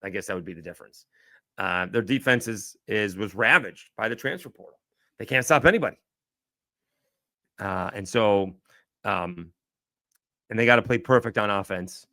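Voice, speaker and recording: A man with a lowish voice hosts a solo sports podcast, talking loosely and correcting himself mid-thought. He sounds close to the mic in a dry space with no room echo. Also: normal speed, long pauses, bright, forceful tone. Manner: rambling, self-correcting, thinking aloud. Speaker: podcast host. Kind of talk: casual solo sports talk.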